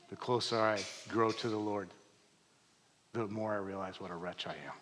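A man preaching a sermon, swinging between loud emphatic lines and hushed, quiet ones. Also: fairly low pitch, fairly even intonation, moderate pace, slight background noise. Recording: long hall reverb.

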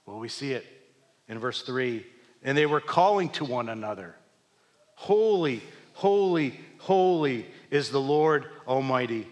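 A man preaching a sermon to his congregation, asking them questions and swinging between loud emphatic peaks and hushed low lines. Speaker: pastor. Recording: long hall reverb.

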